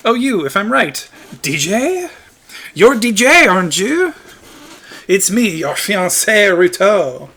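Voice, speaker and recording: A man's voice: sits high, lively intonation, unhurried, a bit bright, pitched above the performer's own voice. A man voicing a pushy young fish-princess who claims the hero as her fiancé, in an overblown mock French accent. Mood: coy. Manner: dramatic, pleading, overblown.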